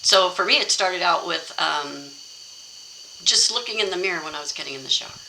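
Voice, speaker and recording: Deep gravelly middle-aged woman teaching. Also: expressive, fairly quick, pushed and bright, a little hiss or hum, poor audio. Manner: candid, reflective, encouraging. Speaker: self-help course teacher. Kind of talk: casual instructional talk.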